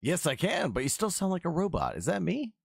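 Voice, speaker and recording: A man's voice: fairly high pitch, huge pitch swings, a little fast, gravelly, husky, no room sound. A man hosting a sim racing broadcast, interviewing drivers after the race in a friendly, easygoing way. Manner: friendly, calls drivers brother.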